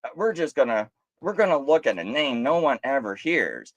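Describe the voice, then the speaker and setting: A man's voice: medium pitch, very animated, normal speed, no room sound, lo-fi sound. A man hosting a live stream, giving impassioned commentary full of rhetorical questions, restarts and mocking quoted voices.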